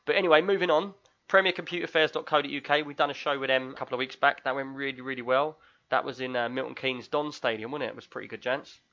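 A man with a London accent hosts a podcast in easygoing, joking chat, mid-range in pitch. His voice comes through a tinny, lo-fi microphone. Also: fast, sharp tone. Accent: London English. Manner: chatty, joking, reads listener reviews aloud. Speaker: podcast host. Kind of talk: casual chat. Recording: tinny lo-fi mic.

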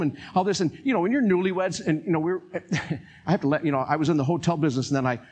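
Older man preaching, husky and animated. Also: on the high side, rapid-fire. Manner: animated, acts out quotes, chuckles. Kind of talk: sermon.

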